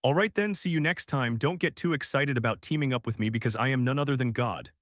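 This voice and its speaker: A man voicing an arrogant, boastful male adventurer from a storybook-style recap who talks in a smug, booming way. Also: fast, fairly bright tone, dry recording, studio quality, close to an everyday voice. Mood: smug bragging. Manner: smug, booming, self-important.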